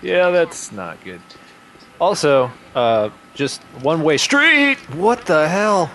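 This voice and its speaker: A man's voice: a little high, very animated, slow pace, a bit bright, a little hiss or hum. A man hosting a casual gameplay chat, reacting to the game in a laid-back way. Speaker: host playing a video game.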